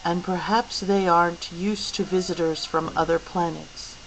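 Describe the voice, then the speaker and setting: A gentle, solemn alien creature speaks in slow, measured words, as a woman reading a storybook aloud puts it on. The voice is low-pitched and unhurried, with a faint hiss underneath. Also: fairly even intonation, poor audio. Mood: calm, grave. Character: gentle, grave furry alien beast.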